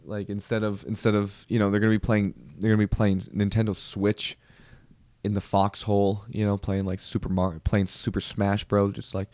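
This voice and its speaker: A man's voice: fairly low pitch, flat delivery, normal speed, a little mellow, dry recording. A man hosting a podcast, doing a rambling, joking comedic monologue. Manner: rambling, joking, full of fillers and restarts. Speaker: podcast host.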